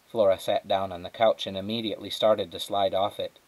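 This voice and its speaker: A male teacher reading a children's chapter book aloud, narrating in a steady, measured way. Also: lowish voice, low-quality recording. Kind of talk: storybook read-aloud.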